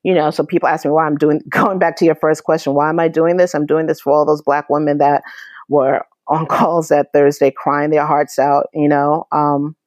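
A woman's voice: low-pitched, flat delivery, normal speed, darkish tone, no echo. A woman guest in an interview, telling her story in an earnest, emotional way with frequent restarts. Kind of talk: conversational interview.

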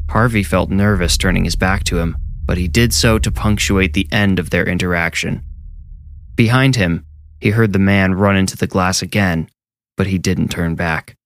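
A man narrating a horror story in a measured, steady storytelling voice. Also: low-pitched. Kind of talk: scripted narration.

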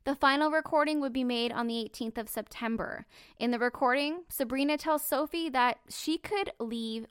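A woman's voice: fairly high pitch, fairly bright tone, smooth, no room sound, clean studio sound. A woman hosting a true crime podcast, telling the story bluntly and emphatically, swearing casually.

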